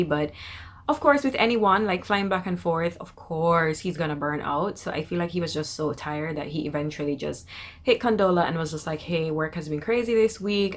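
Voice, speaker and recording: A young woman casually recapping a TV episode, chatty and animated, quoting the characters in quick bursts. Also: fairly low pitch. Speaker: TV episode reviewer.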